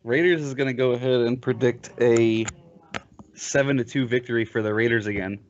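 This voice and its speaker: Male streamer, average pitch, joking banter; dull lo-fi audio. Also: steady tone, fairly quick, a little hiss or hum. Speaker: league commentator and player. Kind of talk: casual live stream commentary.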